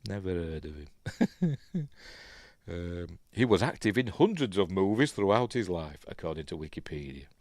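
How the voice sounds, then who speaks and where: A man with a Yorkshire accent hosting a casual watch-along film review, chatty and rambling, full of ums and quick self-corrections. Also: low-pitched, big pitch swings, darkish tone, dry recording, studio quality. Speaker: film reviewer, channel host.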